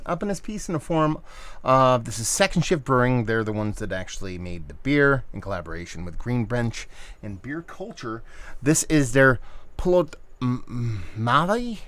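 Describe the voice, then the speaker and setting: A man's voice: medium pitch, fairly bright tone, no room sound. Laid-back, slangy man reviewing beer. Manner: loose, enthusiastic, slangy. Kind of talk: casual video review.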